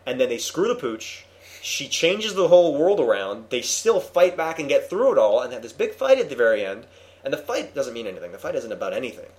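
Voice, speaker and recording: A man hosting a casual comics discussion, retelling a story with animated enthusiasm and many restarts. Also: mid-range voice, brisk. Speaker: podcast host reviewing comics. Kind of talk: casual chat.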